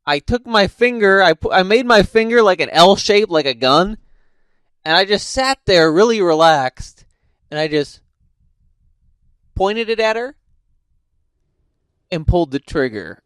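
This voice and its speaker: A man telling a casual story in a profane, laughing, animated way. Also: high voice, measured pace, pauses often, clear, resonant tone, dry recording, studio quality. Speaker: host.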